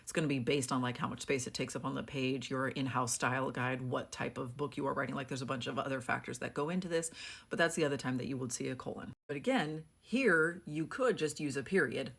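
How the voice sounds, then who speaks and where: A woman's voice: a bass voice, fairly quick, gravelly, fairly bright tone, slightly rough. A young adult woman who works as a book editor, giving a casual, chatty lesson with lots of "like" fillers. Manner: chatty, frequent "like" fillers, reads examples aloud. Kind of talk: casual explainer lesson on punctuation.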